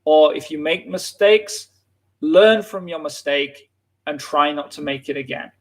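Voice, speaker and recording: Man, teacher, from England, casual live lesson, slightly high voice. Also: unhurried. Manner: casual, lots of filler "like". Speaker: English teacher.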